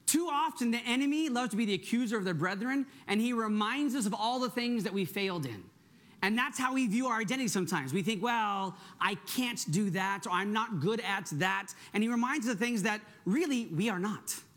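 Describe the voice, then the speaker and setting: Upbeat high-voiced male pastor. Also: quick pace. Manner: energetic, conversational, asks the congregation "right?". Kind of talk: sermon.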